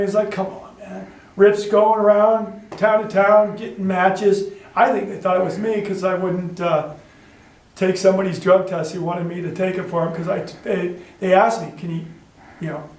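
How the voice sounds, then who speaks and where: A man recounts his wrestling days in an animated storytelling manner, jumping into other people's voices as he goes. His voice sits high for a man. He sounds set back from the microphone in a roomy, echoing space. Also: recorded from a distance. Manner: animated storyteller who acts out others' lines. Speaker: wrestler, interview guest. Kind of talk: storytelling interview. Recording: echoey room, voice from off-mic.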